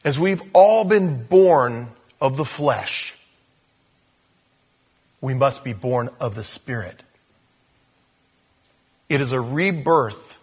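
A man preaching a sermon, a husky grain running through his voice. He sits a little higher than most men and talks to the congregation like a conversation, doubling back on phrases and breaking off into asides. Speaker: pastor.

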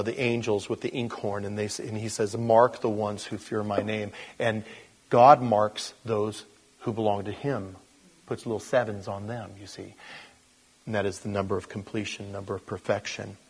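A man preaching a sermon as pastor, talking conversationally and building up to loud, animated storytelling. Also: medium pitch, slightly rough, long reverb tail.

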